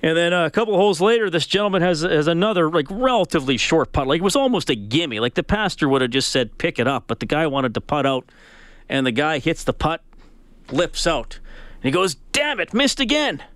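A man's voice: fairly high pitch, expressive, a little fast, a bit bright, no room sound. A man hosting a sports radio show, talking casually and telling stories with plenty of fillers. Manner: casual, storytelling, many fillers.

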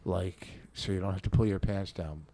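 A man's voice: deep voice, steady tone, moderate pace, dark tone. A man hosting a podcast, teasing and goading his co-host crudely. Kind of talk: casual comedic chat.

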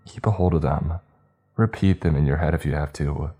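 A brisk, bossy teenage girl giving urgent orders, read by a man. The voice stays very deep and mellow. Faint music plays behind the storybook reading. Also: husky.

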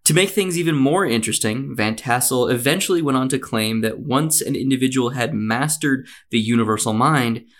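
A man hosting a comedy podcast, reading a story aloud with a wry, measured delivery. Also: mid-range voice. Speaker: podcast host.

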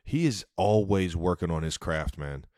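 A man's voice: low voice, animated, normal speed, darkish tone, no room sound, clean studio sound. A man from Ohio co-hosting a podcast in a laid-back, casual way. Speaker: podcast co-host. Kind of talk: casual chat.

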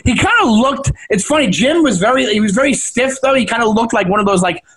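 A man with a fairly high voice, chatting loosely on a podcast. He talks in rambling bursts, cuts himself off and restarts his sentences, and laughs often along the way. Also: lively intonation, fast, a bit bright, low-quality recording. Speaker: podcast co-host. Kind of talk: casual chat.

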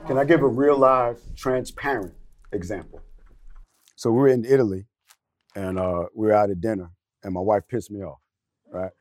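A man's voice: lowish voice, moderate pace, pauses often. A middle-aged man telling a personal story on a panel, acting out the voices in his dialogue. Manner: storytelling, animated, acts out quoted dialogue. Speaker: panel guest. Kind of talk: casual panel discussion.

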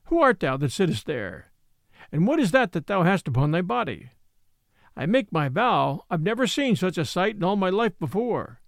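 Guy doing bold teasing outlaw, playful and mocking, bouncy pitch. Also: big pitch swings, moderate pace, vocal fry, no echo, studio quality, exaggerated voice. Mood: hearty. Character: merry, bold young male outlaw, teasing. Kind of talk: audiobook character reading.

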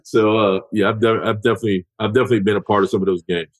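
A man, a former football lineman, telling stories in a casual podcast chat, animated and profane as he acts out the voices of other people. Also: on the low side, very fast, no room sound, low-quality recording.

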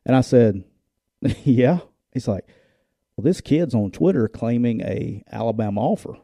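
A man's voice: mid-range voice, unhurried, no room sound, clean studio sound. A middle-aged man, a former football coach, co-hosting a casual show and telling stories, acting out the people he quotes. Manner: animated, acts out quoted voices, laughs while telling stories. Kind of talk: casual storytelling chat.

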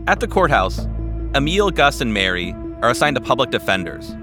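A man narrating a documentary podcast in a measured, dramatic scripted style. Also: medium pitch, big pitch swings, over music. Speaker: podcast host.

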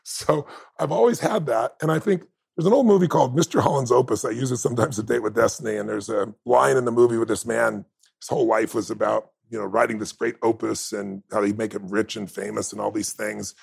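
A man's voice: on the low side, fairly even intonation, brisk, gravelly, breathy edge. A man talking as a guest in a conversation, telling stories in an intense, heartfelt, emphatic way. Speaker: podcast guest. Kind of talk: emotional storytelling in conversation.

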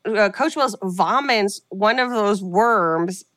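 A woman in her thirties co-hosting a podcast, animatedly retelling a film's plot in casual chat and dropping into quick character voices. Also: mid-range voice, a bit bright, no echo, clean studio sound. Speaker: podcast co-host recapping a film.

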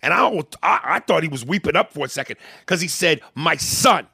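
A man's voice: fairly high pitch, fast, vocal fry, slightly rough, no room sound, studio quality. A man arguing politics in a heated, profane way, often retelling and acting out what others said. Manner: heated, profane, animated storytelling. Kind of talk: casual political debate.

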